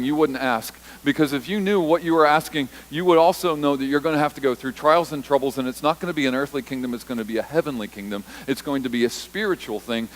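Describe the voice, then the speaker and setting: A man's voice: mid-range voice, slight background noise, poor audio. A man preaching a sermon in a church, talking conversationally, repeating points for emphasis, and acting out quoted lines. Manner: acts out the disciples' and Jesus's lines in short quoted voices. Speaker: pastor.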